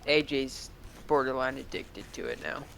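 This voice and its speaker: A man friend on the stream, chiming in with quiet, brief, dry comments. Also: medium pitch, moderate pace, low-quality recording. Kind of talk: casual chat.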